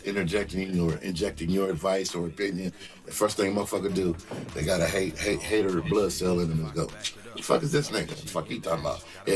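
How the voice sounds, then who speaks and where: A man who is a comedian and music artist, giving blunt, profane career advice in a casual monologue and reading out comments with animated storytelling. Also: deep voice.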